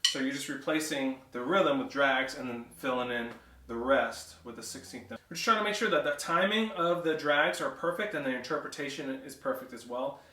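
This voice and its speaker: A male drumline instructor explaining snare rudiments and counting rhythms aloud between demonstrations. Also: mid-range voice. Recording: roomy echo, distant mic, loud clatter.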